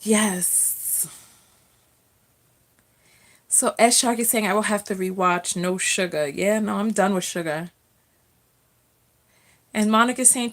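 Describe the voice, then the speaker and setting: A woman's voice: medium pitch, takes it slowly, pauses often. A woman hosting a casual live stream from home, chatting with viewers, reading their comments aloud and laughing often.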